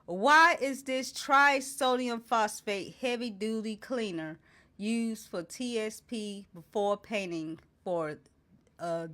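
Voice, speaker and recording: A woman's voice: mid-range voice, bright, forceful tone. A woman hosting her own talk show, indignantly reading out ingredients and firing off repeated rhetorical questions. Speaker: host. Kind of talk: impassioned to-camera talk.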